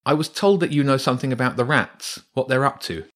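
A man's voice: mid-range voice, fairly quick, fairly bright tone, pitched above the performer's own voice, lightly acted. A man voicing a curious, polite young boy in a storybook reading, asking eager questions. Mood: earnest.

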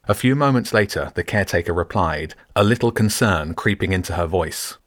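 A man reading a story aloud in steady, measured scripted narration. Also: sits low, no echo, studio quality. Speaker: audiobook narrator.

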